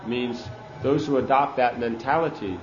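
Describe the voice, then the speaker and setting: A man delivers a scripture lecture in an earnest, emphatic teaching voice of middle pitch. The sound is roomy and a little muffled. Music plays clearly behind him. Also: normal speed. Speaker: speaker giving a scripture class. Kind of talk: sermon on scripture.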